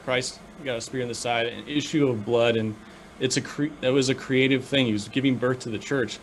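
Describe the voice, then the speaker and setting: A man's voice: mid-range voice, fairly even intonation, slight background noise. A man co-hosting a casual discussion, speaking earnestly and restarting his sentences often. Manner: earnest, halting with many restarts. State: choked up with emotion. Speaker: podcast co-host.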